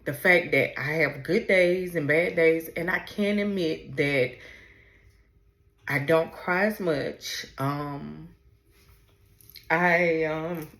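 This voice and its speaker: A woman in her forties hosting a personal podcast, talking in a halting, emotional way as she fights back tears. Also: low-pitched, a bit bright. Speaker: podcast host. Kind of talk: personal podcast talk on camera. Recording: roomy echo.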